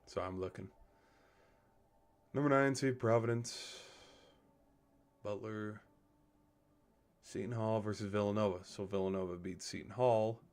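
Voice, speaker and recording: A man talks through sports picks on a live stream in a casual, rambling way. He thinks out loud, corrects himself, and drops the odd swear word. His voice sits a little on the low side. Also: fairly even intonation, a little slow, long pauses.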